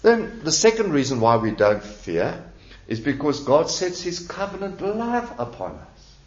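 A man preaching a sermon in an emphatic, lively voice that climbs and dips as he leans on key words. His voice sits a little high for a man. The recording is roomy and dull, as if captured from a church hall. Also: measured pace. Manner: emphatic preaching, repeats key words, rising and falling delivery. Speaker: pastor.

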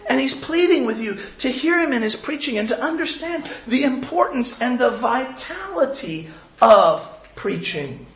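A man's voice: very high voice, big pitch swings, measured pace, a bit bright. A man preaching a sermon as pastor, earnest and pleading, often repeating words as he goes. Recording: echoey, slightly dull room recording.

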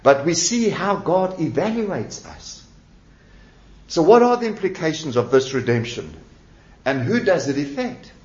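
A man preaching a sermon in an emphatic, lively voice that climbs and dips as he leans on key words. His voice sits a little high for a man. The recording is roomy and dull, as if captured from a church hall. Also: a little slow. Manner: emphatic preaching, repeats key words, rising and falling delivery. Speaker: pastor.

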